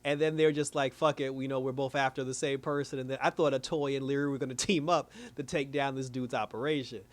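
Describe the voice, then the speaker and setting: A man reviewing a TV episode in casual recap commentary, animated, laughing often and dropping his voice low to mimic characters. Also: fast. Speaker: TV show reviewer.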